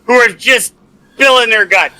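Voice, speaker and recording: Game master, man, high and very bright, loose rambling narration. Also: moderate pace, low-quality recording. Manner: loose, filler-heavy narration.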